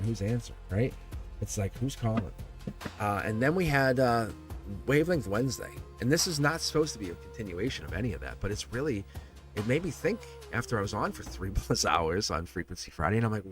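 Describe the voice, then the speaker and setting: A middle-aged man hosting a live tarot stream, rambling and animated, laughing often as he talks. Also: lowish voice.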